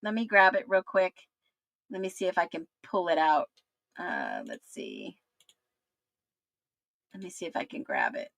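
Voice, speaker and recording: A woman hosting a livestream, exclaiming in disbelief and talking straight to her viewers, her voice going hoarse. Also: lowish voice, huge pitch swings, a little slow, pauses often, fairly bright tone, no room sound, highs cut off. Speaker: livestream host. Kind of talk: excited livestream commentary.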